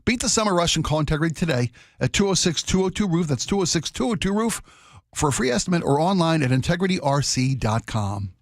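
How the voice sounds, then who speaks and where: A man's voice: on the high side, very animated, a little fast, dry recording. A man co-hosting a radio talk show, playful and teasing, bantering and reading a live ad. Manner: playful, teasing, jumps into mock voices. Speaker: radio co-host. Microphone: studio mic.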